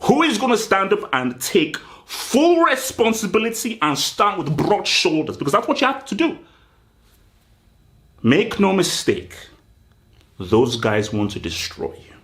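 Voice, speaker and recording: A man hosts a football show and rants through a mock team talk, speaking straight to the players. His pitch swings wildly as he stretches words out for emphasis. His voice sits a little higher than most men's. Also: huge pitch swings, unhurried, a bit bright. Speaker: football channel host. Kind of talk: comedic football pep-talk rant.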